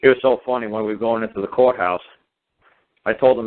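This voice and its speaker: A man's voice: on the low side, steady tone, fast, long pauses, slight background noise. A man speaking as a guest on a call-in talk show, ranting emphatically and repeating himself. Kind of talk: casual phone-in talk. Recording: tinny phone line.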